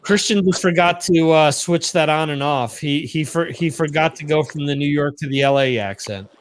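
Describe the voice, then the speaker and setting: A man co-hosting a podcast, chatting casually with frequent pauses and restarts. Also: on the high side, a little hiss or hum. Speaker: podcast co-host. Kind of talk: casual chat about TV shows. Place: home in Spain.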